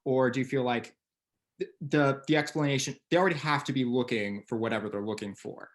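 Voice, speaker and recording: A man's voice: mid-range voice, fairly quick. A man hosting an interview, curious and playful, asking long, winding questions. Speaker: interviewer, host. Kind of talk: casual interview talk.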